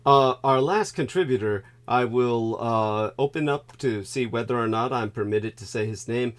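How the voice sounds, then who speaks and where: A man hosting a casual online fundraiser stream, chatting with a guest, full of "uh" fillers and loud bursts of laughter. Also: medium pitch, moderate pace, slight background noise. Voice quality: laughs loudly and often, frequent fillers. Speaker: host. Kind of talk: casual livestream chat.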